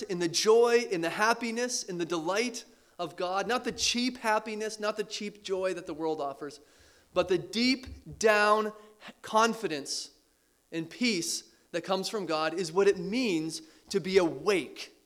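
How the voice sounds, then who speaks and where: A pastor delivers a sermon in an unhurried way, speaking with earnest emphasis. He repeats key phrases, lets his voice sink low at the close of lines, and now and then gives a light laugh.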